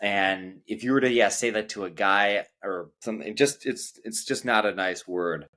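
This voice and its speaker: Young guy explaining slang, low voice, lots of ums, careful. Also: sharp tone. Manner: measured, hesitant with frequent "um". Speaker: co-host of an English lesson. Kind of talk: casual conversational teaching.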